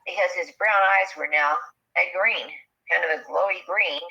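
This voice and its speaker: A woman telling a personal story in a casual, animated way, acting out what people said. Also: on the low side, normal speed, vocal fry, lo-fi sound. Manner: animated, acts out quoted speech. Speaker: guest telling an encounter story.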